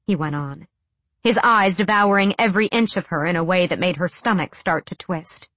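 A woman's voice: fairly low pitch, normal speed, fairly bright tone, dry recording. A woman narrating a fantasy audiobook with a dramatic, tense delivery.

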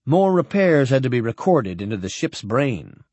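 A man narrating an audiobook in an expressive, steady storytelling manner. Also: medium pitch, normal speed, dry recording. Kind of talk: scripted narration.

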